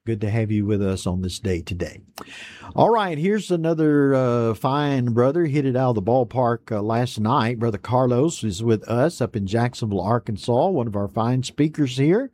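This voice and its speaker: A man hosts a Bible study broadcast, reading each viewer's greeting aloud and then answering it in a relaxed, folksy way. His voice is dark and mellow. His pitch sits in a middle range. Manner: folksy and unhurried, reads messages aloud then chats back. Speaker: host of an online Bible study program.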